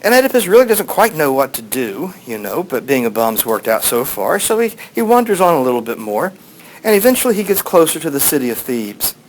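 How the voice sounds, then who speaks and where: A man's voice: fairly high pitch, sing-song, brisk, rough recording. A man teaching a class, telling an old story in a rambling, casual way with many fillers. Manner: rambling, with fillers, playing voices in quotes.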